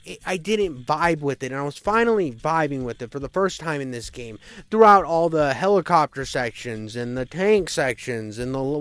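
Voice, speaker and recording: A man reviews an old shooter in loose, casual commentary. He talks in a slightly high voice, full of crude, profane jokes and side rants. The recording sounds dry and close. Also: smooth, dry recording. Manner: crude, profane, fast riffing asides. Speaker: game reviewer. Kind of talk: casual retro game commentary.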